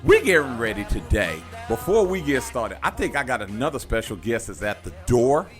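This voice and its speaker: A man's voice: mid-range voice, sing-song, moderate pace, faint music behind. A man hosting a talk radio show in a loose, joking, slangy way.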